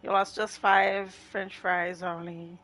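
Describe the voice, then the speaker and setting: Bright, slow-talking woman streamer. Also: medium pitch, level tone. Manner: chatty, laughs often, talks to chat viewers. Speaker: gaming livestreamer. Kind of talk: casual gameplay livestream chat.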